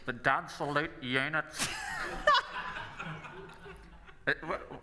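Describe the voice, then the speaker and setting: A man's voice: fairly high pitch, steady tone, unhurried, very noisy, lightly acted. A man with a Northern Irish accent playing a playful, rambling rebel leader in a live comedy reading. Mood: teasing. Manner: playful, rambling, mock-conspiratorial. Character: scheming male rebel leader, jokey. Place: stage at a live convention. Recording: echoey hall at a live event.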